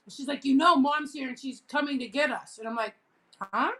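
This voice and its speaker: Woman vlogger, high clear bright voice, casual animated storytelling. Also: brisk. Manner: laughing, animated retelling with quoted voices.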